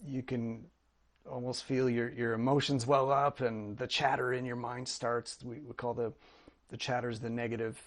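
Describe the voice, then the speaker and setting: Middle-aged male podcast guest with a medium-pitched voice, earnest and reflective, restarting his sentences as he talks. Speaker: podcast guest, drumming coach. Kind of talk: casual interview conversation.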